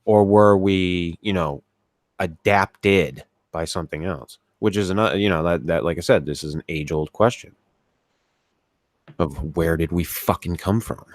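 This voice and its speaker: A man's voice: deep voice, unhurried, no room sound, studio quality. Rambling, swearing male podcast co-host. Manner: rambling, heavy swearing, many restarts. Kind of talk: casual uncensored chat.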